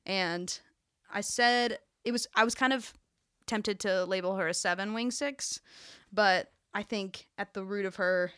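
A woman's voice: measured pace, clear, resonant tone, no echo, clean studio sound. A young woman co-hosting a casual chat, giggling often and acting out quotes. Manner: giggly, animated, acts out quotes in high voices. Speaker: podcast co-host.

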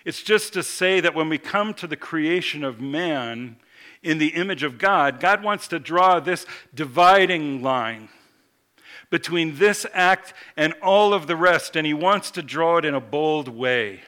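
A man preaching a sermon in a measured way, slowing down when he reads scripture and building emphasis on key points. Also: a little high, expressive, sharp tone.

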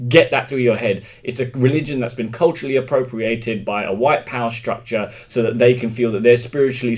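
A man's voice: mid-range voice, a little mellow. An English man speaking as an interview guest, opinionated and emphatic, thinking aloud with frequent restarts in a casual conversation.

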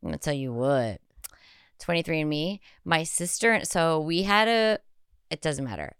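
A woman's voice: low voice, lively intonation, moderate pace, clear, resonant tone, dry recording, studio quality. A woman co-hosting a podcast, chatting casually and expressively, with frequent swearing. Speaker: podcast co-host. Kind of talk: casual chat.

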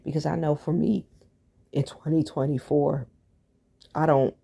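A woman hosting a solo podcast, talking through her plans in a relaxed, reflective way with lots of fillers and restarts. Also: low voice, unhurried, vocal fry, husky. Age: adult, has a daughter. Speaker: podcast host. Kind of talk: casual solo podcast talk.

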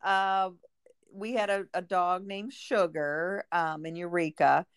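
Middle-aged lady rambling on in a casual chat, kinda low voice, dry close sound. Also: steady tone, slow, clear, resonant tone, no room sound. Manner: chatty, rambling with many fillers. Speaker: guest.

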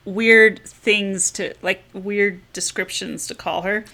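Bright-voiced woman in animated book chat. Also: mid-range voice, takes it slowly. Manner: animated, reads passages aloud in put-on voices. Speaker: book club member.

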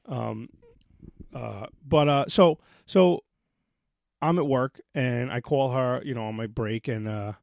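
Gravelly man on the higher side, ranting podcast co-host, dry mic. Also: slow pace, no echo. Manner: profane, animated storytelling. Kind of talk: casual ranting chat.

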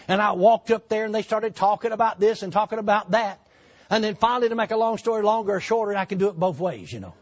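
An older preacher with a drawl tells his story in a folksy, animated way. His voice sits high for a man and has a gravelly, husky edge. The recording is dull and lo-fi. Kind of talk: sermon storytelling.

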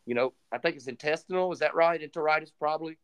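Casting: male podcast co-host, slightly higher voice, lively storyteller. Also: quick pace, smooth. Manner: animated retelling, acts out quoted dialogue. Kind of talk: casual storytelling chat.

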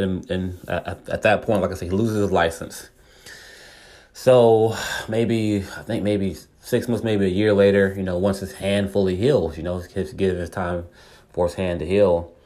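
A man's voice: low-pitched, fairly even intonation, normal speed, darkish tone. A man hosting a podcast, casually retelling a story at length with lots of fillers and restarts. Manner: rambling, many fillers and restarts. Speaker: podcast host.

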